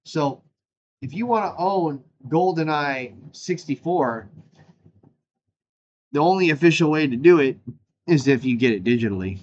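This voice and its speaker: A man's voice: on the high side, unhurried, long pauses, lo-fi sound, slight background noise. A man hosting his own show in a casual, rambling chat, jumping animatedly between topics. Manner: animated, jumps between topics, frequent fillers and laughs. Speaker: show host.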